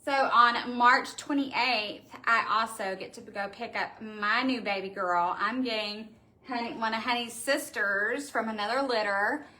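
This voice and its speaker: A woman's voice: a little high, a little slow, pushed and bright. A middle-aged woman, hosting a casual live stream from her wreath shop, gushing and chatty as she answers viewers.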